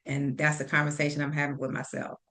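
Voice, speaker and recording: Direct, animated woman guest. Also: low voice, fast talker. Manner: direct, animated, plays out talks with a friend. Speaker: podcast guest. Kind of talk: casual faith talk.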